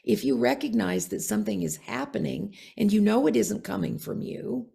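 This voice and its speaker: A woman astrologer explaining in casual conversation, with a gravelly voice and frequent "you know" and "okay?". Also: mid-range voice, sing-song, normal speed, warm tone.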